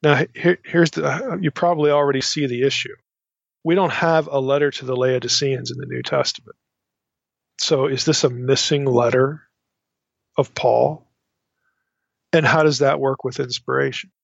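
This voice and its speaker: A man teaching a Bible study lesson in an unscripted, halting way, often restarting and adding asides as he reads from commentaries. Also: mid-range voice, steady tone, vocal fry, no echo. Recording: dry, dull lo-fi recording.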